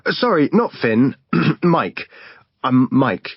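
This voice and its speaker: Man voicing a flustered young man, stammering, eager, husky, dry dull audio. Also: medium pitch, very animated, slow, no room sound, voice pushed up, full character voice. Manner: hesitant, stammering, overeager. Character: flustered young man making awkward calls. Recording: dull lo-fi recording.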